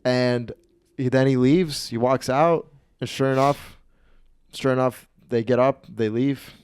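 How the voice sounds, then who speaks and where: Smooth-voiced man telling a funny story. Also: mid-range voice, a little slow. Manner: animated, profane, acts out the people in his stories. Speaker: podcast host. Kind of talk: comedic storytelling.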